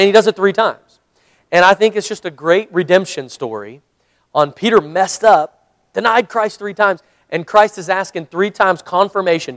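A man's voice: sits high, normal speed, no room sound. A man, a pastor, leading a Bible study, reading scripture aloud and explaining it in a conversational way.

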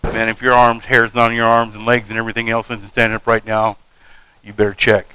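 Man, preacher; bright, crisp, dry sound; folksy, jokey sermon style. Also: fairly low pitch, completely flat delivery, fairly quick, dry recording, poor audio. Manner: folksy, jokey asides between scripture reading.

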